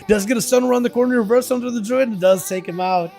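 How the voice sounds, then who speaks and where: A young man with a hoarse voice, whose first language is Russian, hosting a livestream and giving casual, excitable commentary on game duels while bantering with his chat. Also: extremely high pitch, quick pace, few pauses, soft background music. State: hoarse, voice rough tonight.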